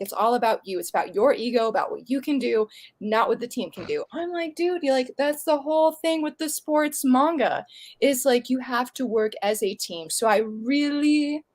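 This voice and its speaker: A woman's voice: fairly high pitch, normal speed, a little mellow. A young woman on a casual podcast chat, ranting passionately and apologizing for it. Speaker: guest.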